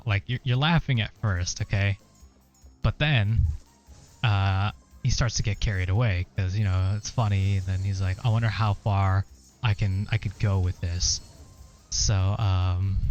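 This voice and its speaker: A man's voice: on the low side, a little mellow, muffled recording. A young man telling a story in a casual, rambling way while he plays, with many "like" and "uh" fillers. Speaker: gaming streamer. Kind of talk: casual storytelling over gameplay.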